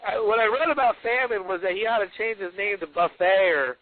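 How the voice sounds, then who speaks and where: A man's voice: high-pitched, fairly quick, background noise. A man, the author guest, chatting casually and reading excerpts aloud with folksy, rambling asides. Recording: dry tinny phone-like line.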